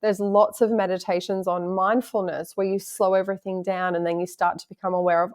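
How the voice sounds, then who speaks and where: A woman guest on a podcast, speaking in a calm, reflective, explanatory way. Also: mid-range voice, a little fast, hardly any pauses. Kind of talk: casual conversational interview.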